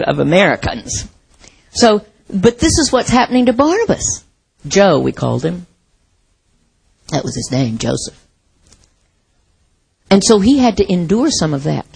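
A woman's voice: lowish voice, creaky, slightly rough, poor audio. A woman preaching a sermon in a reflective, conversational way, asking the congregation rhetorical questions.

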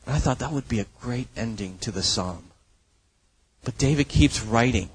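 A man's voice: mid-range voice, lively intonation, moderate pace, husky, poor audio. A man preaching a sermon as pastor, earnest and emphatic, often checking in with the listeners. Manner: earnest, emphatic preaching with frequent "right?" asides.

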